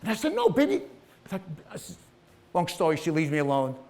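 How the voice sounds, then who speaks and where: Brief: middle-aged male entrepreneur, somewhat high voice, raw profane motivational storytelling. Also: expressive, quick pace, a little mellow. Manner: emotional, profane, acts out voices in his story. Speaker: entrepreneur telling his life story.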